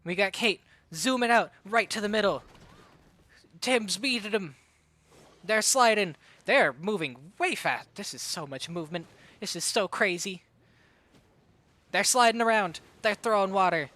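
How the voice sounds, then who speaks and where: A man casting a live game tournament, hyper and excitable, rattling off play-by-play and getting out of breath. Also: sits high, measured pace, long pauses. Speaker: tournament caster and streamer. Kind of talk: live esports commentary.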